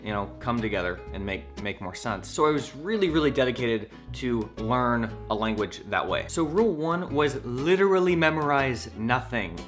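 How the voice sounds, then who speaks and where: A man's voice: mid-range voice, fairly bright tone. A young man with an American accent, talking casually and rambling a little in a home vlog, poking fun at himself. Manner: chatty, rambling, self-deprecating. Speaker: vlogger.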